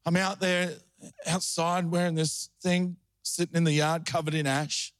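A man's voice: on the high side, little pitch movement, unhurried, no echo, studio quality. A middle-aged man preaching a sermon, telling a story and then rising into fervent preaching. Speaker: pastor.

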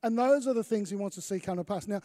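High-voiced pastor preaching in a hall. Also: male voice, fast, dark tone. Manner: conversational preaching with self-deprecating humour. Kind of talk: sermon. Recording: long reverb of a large hall.

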